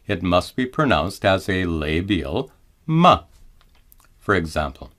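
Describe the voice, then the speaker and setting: A man teaching mantra pronunciation in a careful scripted lesson, slowing down to chant each example. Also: sits low, expressive, fairly bright tone. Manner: slow, careful explanation with drawn-out chanted examples.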